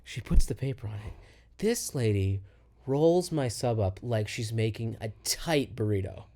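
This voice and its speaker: A young man co-hosting a comedy podcast, telling a story in a casual, animated way and acting out both sides of the conversation. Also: fairly low pitch, a little slow. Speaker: podcast co-host.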